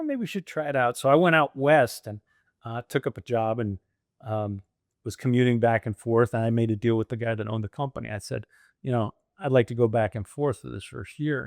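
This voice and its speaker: Guesting in a casual interview, a U.S. franchise owner in his fifties shares his career story, often laughing and acting out voices. His medium-pitched voice is darkish with vocal fry, and the studio recording is clean with no room sound.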